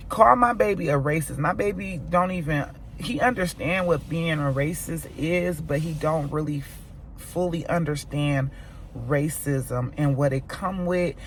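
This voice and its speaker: An American woman vlogging, telling a personal story to her viewers in an animated, emphatic way. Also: low-pitched, measured pace, slight background noise. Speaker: mom vlogger. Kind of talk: storytime vlog.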